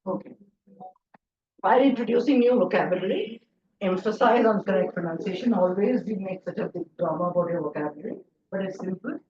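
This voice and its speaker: A woman's voice: medium pitch, brisk, warm tone. Indian woman coaching teachers on pronunciation. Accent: Indian English. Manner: encouraging, chatty, praises often. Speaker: pronunciation workshop trainer. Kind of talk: teacher training workshop. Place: classroom or hall. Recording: echoey, distant, dull sound.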